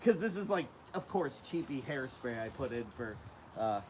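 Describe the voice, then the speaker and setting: A man's voice: medium pitch, normal speed. A man hosting a casual vlog outdoors, coaxing and calling to alligators as he feeds them, in a windy spot. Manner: animated, calls animals in a coaxing voice. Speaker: alligator keeper and channel host. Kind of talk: casual vlog talk while feeding animals. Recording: noisy outdoor recording.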